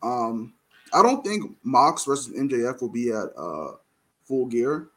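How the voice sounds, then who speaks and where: A man co-hosting a casual wrestling podcast over a video call, talking in quick, excited bursts. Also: medium pitch. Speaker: podcast co-host. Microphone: video call mic.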